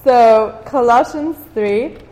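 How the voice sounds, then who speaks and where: A woman's voice: a little high, slow, darkish tone, long reverb tail. A woman teaching the Bible to a small group in a room, chatty and often asking "okay?", laughing now and then at her own stories.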